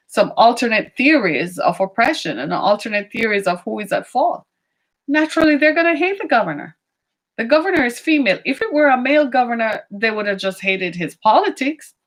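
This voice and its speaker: A woman giving opinionated commentary, emphatic, asking rhetorical questions and slowing down on key points. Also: a little high. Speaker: political commentator.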